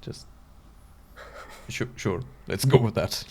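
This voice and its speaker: A man's voice: fairly low pitch, slow, vocal fry, darkish tone, slight background noise. A man with a German accent co-hosting a podcast in casual chat, dry and teasing. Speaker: podcast co-host.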